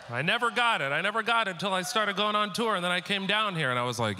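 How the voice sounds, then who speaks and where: Man from San Diego, stand-up comic, bright tone, animated delivery, live stage with ringing reverb. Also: high voice, quick pace, hardly any pauses. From San Diego, California. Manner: animated, punchy storytelling with acted-out quotes. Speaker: stand-up comedian. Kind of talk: stand-up comedy set. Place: stage at a live comedy show. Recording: live venue with long reverb, faint noise.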